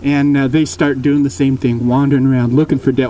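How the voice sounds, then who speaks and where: A man casually telling a spooky story aloud, relaxed and rambling, often correcting himself. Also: mid-range voice, moderate pace, few pauses, distant mic, a little hiss or hum, rough recording.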